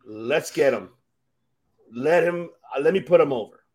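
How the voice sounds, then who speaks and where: A man co-hosting a casual wrestling podcast, talking in an animated, excitable way and swearing freely. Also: on the high side, a little slow. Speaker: podcast co-host.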